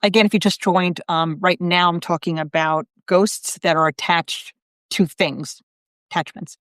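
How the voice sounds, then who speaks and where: A middle-aged woman, a psychic medium, talks on her live video in a loose, chatty way. Her voice sits low and sounds dry, with no room around it. She fills her story with ums and quoted back-and-forth. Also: fairly even intonation, a little slow, a bit bright, dry recording. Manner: chatty, retells conversations with quoted voices, many fillers. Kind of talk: casual storytelling on a live stream.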